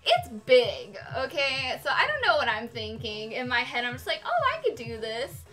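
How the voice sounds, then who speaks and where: Young female streamer, high and bright, chatty and giggly, loose "like"-filled storytelling. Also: normal speed, soft background music. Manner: animated, giggly, lots of "like". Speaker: cosplay streamer. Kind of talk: casual storytelling while crafting on stream.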